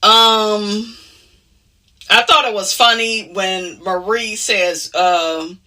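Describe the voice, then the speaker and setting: A woman's voice: medium pitch, steady tone, drawn-out words, pushed and bright, distant mic. A woman talking casually as she recaps reality TV. She is sassy and outspoken and keeps dropping "honey" and "okay?" as asides. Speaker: reality TV commentator.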